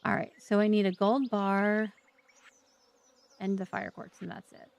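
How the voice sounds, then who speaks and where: A woman's voice: medium pitch, level tone, a little slow, gravelly, clear, resonant tone. A woman hosting a let's play, giving casual gameplay commentary with chatty, joking asides to viewers.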